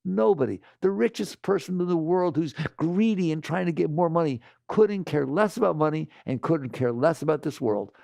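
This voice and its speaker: Gravelly older man, animated spiritual talk, acts out voices. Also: on the high side, normal speed, hardly any pauses, dry recording, studio quality. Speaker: spiritual teacher. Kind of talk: spiritual talk to a live audience.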